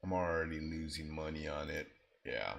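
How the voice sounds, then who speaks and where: A man with a deep, low voice hosts a live trading stream. He talks in an easygoing way, thinking out loud about his positions and answering people in the chat as they come in. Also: moderate pace, vocal fry. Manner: casual, thinks aloud while reading chat. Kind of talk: live-stream market commentary.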